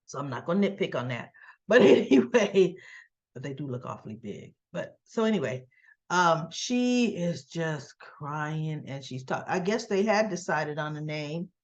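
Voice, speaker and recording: A woman's voice: low-pitched, unhurried. Woman, soap recapper, chatty storyteller who acts out the quotes, muffled home recording. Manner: chatty, quotes characters in a lively retelling. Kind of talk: casual retelling of a soap episode.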